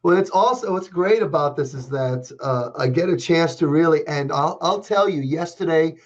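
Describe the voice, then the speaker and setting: A man's voice: fairly high pitch, moderate pace, dull audio. A man interviewing a guest, reacting with enthusiasm. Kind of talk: casual interview.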